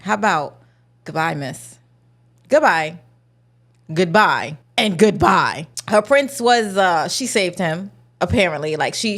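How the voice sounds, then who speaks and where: A young adult woman ranting casually about a movie, sarcastic and slangy, mocking the characters in exaggerated voices. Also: mid-range voice. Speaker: movie reviewer. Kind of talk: casual vlog rant.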